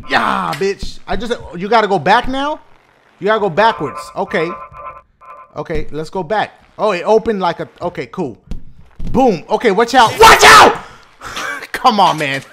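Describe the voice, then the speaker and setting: High, lively man yelling at a game. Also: background noise. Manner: loud, profane, slangy, quick to shout at the game. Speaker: gaming video host. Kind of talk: excited gameplay commentary.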